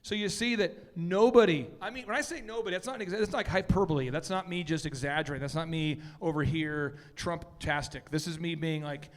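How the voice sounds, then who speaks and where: Energetic man coaching in an echoey hall. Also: a little high, brisk, few pauses. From Minnesota. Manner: energetic, joking, blunt. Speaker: business coach. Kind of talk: animated seminar talk.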